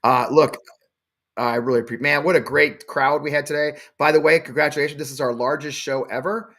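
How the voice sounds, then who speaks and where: A man's voice: a little high, fairly even intonation, a little fast, fairly bright tone. A man in his forties hosting a live show, blunt, defiant and profane. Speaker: show host.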